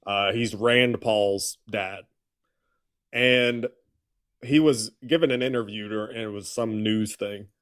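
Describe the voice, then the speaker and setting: A man co-hosting a casual politics livestream, explaining things in a halting way with many fillers. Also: on the low side, steady tone, a bit bright, smooth. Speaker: livestream co-host.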